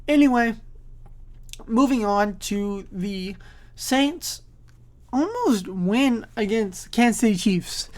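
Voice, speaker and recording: A woman's voice: on the high side, lively intonation, takes it slowly, long pauses, darkish tone. A woman hosting a sports podcast on her own, talking in a casual, opinionated way. She rambles and restarts her sentences, leaning on lots of fillers, and sounds sleepy, yawning between points. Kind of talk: casual solo sports commentary.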